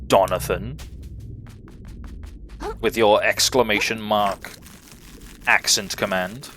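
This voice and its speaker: A man's voice: on the low side, fairly even intonation, slow pace, fairly bright tone. A man live-streaming a video game, chatting and reading game dialogue aloud in playful voices. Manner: reads game lines in playful character voices. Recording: game music behind.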